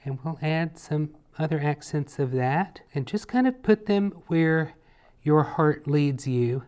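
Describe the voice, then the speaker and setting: A man teaching a painting lesson in a relaxed tutorial, chatty and playful as he talks while he works. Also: a little high, slow, clear, resonant tone. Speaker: painting instructor.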